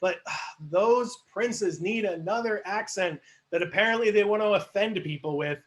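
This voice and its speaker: High-voiced chatty male improv host. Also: normal speed. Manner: chatty, laughing, asks the audience for suggestions. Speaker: improv show host and narrator. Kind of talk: live online improv narration.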